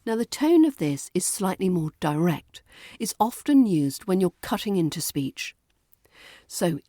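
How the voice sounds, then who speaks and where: British female teacher, low-ish mellow voice, deliberate delivery, close dry read. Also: animated, dry recording. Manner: clear, deliberate, slows to model words. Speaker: podcast host and pronunciation teacher. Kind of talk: pronunciation lesson.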